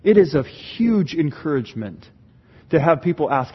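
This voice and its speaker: A man preaching a sermon as pastor, animated, acting out church members' voices. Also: fairly high pitch, moderate pace, slightly rough, lo-fi sound.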